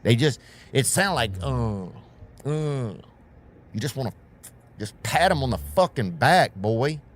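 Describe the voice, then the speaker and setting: A man's voice: mid-range voice, expressive, slow pace. A man hosting a podcast with a comedic monologue, rambling, swearing a lot and sounding keyed up. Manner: rambling, profane, riffing. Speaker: podcast host.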